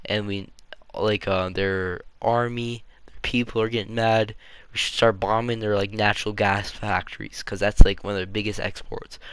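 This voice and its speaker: A man talks through his views in a loose, rambling way, stopping and restarting. His voice sits a little low and comes across smooth and clear. The sound is close and dry. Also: a bit bright, dry recording. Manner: rambling, offhand, full of fillers and restarts. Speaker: video creator. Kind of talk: casual opinion monologue.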